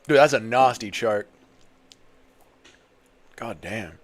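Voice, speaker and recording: Hosting a casual fight watchalong stream, a man reads chat messages aloud and swears freely. He speaks at a medium pitch and slow pace, staying loose and profane but breaking into shouts at big moments.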